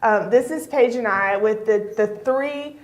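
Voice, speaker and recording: A woman talks casually on a local TV show. She is chatty, laughs often and fills her pauses with many ums. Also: fairly high pitch. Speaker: chamber of commerce guest. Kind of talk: casual chat. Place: TV studio.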